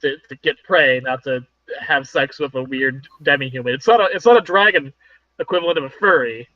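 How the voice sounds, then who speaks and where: A man's voice: mid-range voice, a little fast, pushed and bright, no echo, muffled recording. A man narrating as game master of a tabletop game, wry and explaining with jokes.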